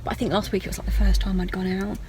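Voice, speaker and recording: A woman's voice: mid-range voice, level tone, very fast, a little mellow, slight background noise, poor audio. A woman talking through her day in a chatty, rambling vlog diary with self-mocking asides. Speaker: vlogger.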